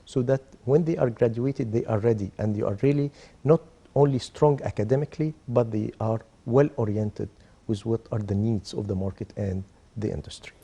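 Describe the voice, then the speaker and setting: A man answering as a guest in a TV interview, speaking haltingly with restarts and listing things in runs. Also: fairly low pitch, fairly even intonation, vocal fry, dark tone, slightly rough. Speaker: university official guest.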